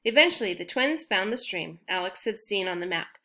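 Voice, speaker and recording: Reading a little fast, a woman with a bright, forceful, expressive mid-range voice narrates a children's fantasy chapter as an audiobook. She keeps a steady pace overall, now and then going back to restart a phrase.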